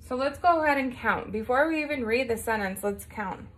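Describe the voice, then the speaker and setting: A woman with a fairly high voice teaching a recorded morning lesson to small children. She talks patiently and warmly encourages them, checking in often as she counts along. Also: lively intonation, a little fast.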